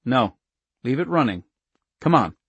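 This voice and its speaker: A man's voice: medium pitch, sing-song, a little slow, fairly bright tone, breathy edge, no room sound, lo-fi sound, heavily acted. A man reading an audiobook, voicing a determined father in pain who speaks curtly and urgently. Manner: urgent, curt.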